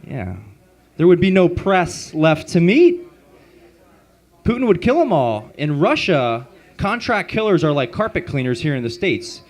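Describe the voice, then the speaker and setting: A man performing a stand-up comedy set at an open mic on a club stage, delivering deadpan setups and punchlines through a handheld stage mic. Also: fairly high pitch, unhurried.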